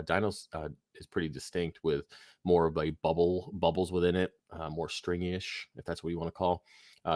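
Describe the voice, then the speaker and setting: In a clean studio recording with no room sound, a low-voiced man runs a livestream answering aquarium questions from chat. Yawning and tired, throat thick with phlegm, he talks casually, rambles, curses freely, and fills his speech with fillers.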